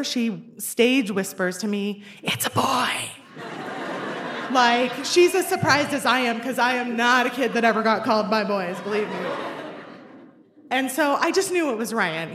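A woman of forty telling a personal story at a live show, wry and self-deprecating with lively comic timing. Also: a little high, background noise. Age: 40s. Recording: roomy echoey venue sound.

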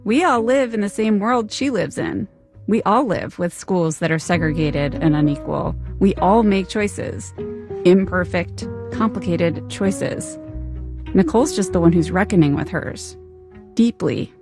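A woman podcast host giving a reflective, measured scripted narration, with a few rhetorical questions. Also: lowish voice. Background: plucked guitar music.

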